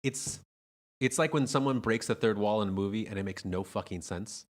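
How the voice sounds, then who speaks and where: Animated, laughing male podcast host. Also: lowish voice, moderate pace. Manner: animated, laughing, swears freely. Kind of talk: casual chat. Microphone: livestreamed podcast mic.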